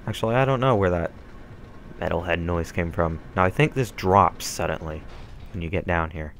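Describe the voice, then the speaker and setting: A man's voice: deep voice, normal speed, a little hiss or hum. A young man rambling through casual, self-deprecating let's-play commentary. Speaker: gameplay commentator. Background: faint game music.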